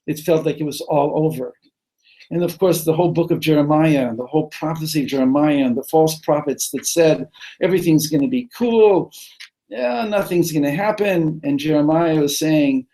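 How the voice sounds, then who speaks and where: A man's voice: fairly high pitch, moderate pace, warm tone, poor audio. A man teaching a text class as a rabbi, reading lines aloud and translating them phrase by phrase, often restarting and repeating words. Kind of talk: text study lesson. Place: study hall.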